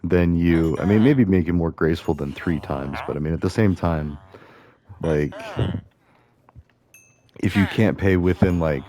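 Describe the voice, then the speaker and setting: A man with a low voice talks over a video game he is playing. His tone is dark and mellow. He rambles loosely from idea to idea, thinking aloud with plenty of fillers and restarts. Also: unhurried, pauses often. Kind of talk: casual rambling commentary over gameplay.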